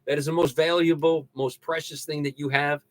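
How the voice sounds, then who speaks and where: An older man hosting a casual livestream, ranting and joking with sudden loud outbursts. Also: a little high, level tone, a little fast, no room sound. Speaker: livestream host. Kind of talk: casual livestream rant and sign-off.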